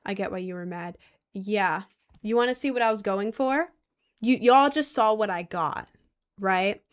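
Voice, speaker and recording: Woman around 20, lively casual chat, middle pitch. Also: measured pace. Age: young adult, about 20. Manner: chatty, animated storytelling, mocking quoted voices. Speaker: content creator.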